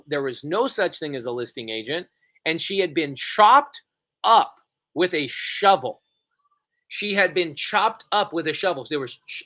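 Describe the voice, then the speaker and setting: A middle-aged man telling a story in an excitable, animated way, with quick bursts and repeated phrases. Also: a little high. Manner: excitable, rapid and repetitive. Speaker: podcast co-host.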